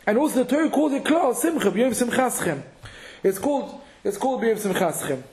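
A man with a fairly high voice teaches a halachic lesson, thinking aloud with many restarts and repeated words. His talk is peppered with Hebrew and Yiddish terms. The room around him is echoey and reverberant. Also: expressive, fairly quick, darkish tone. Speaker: Torah teacher.

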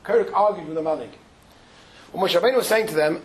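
The recording is rough, and the rabbi speaks quickly in a high voice. His Torah talk is informal and conversational, English peppered with Yiddish and Hebrew terms, and he voices the characters as he retells each story.

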